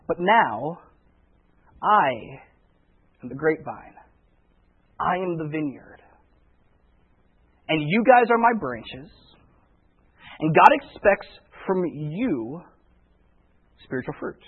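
A man's voice: fairly high pitch, expressive, slow pace, pauses often, breathy edge. A man preaching a conversational sermon, often repeating words as he thinks it through. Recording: tinny phone-like radio broadcast.

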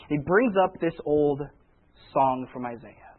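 A man's voice: a little high, sing-song, measured pace. A man preaching a conversational sermon, often repeating words as he thinks it through. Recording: tinny phone-like radio broadcast.

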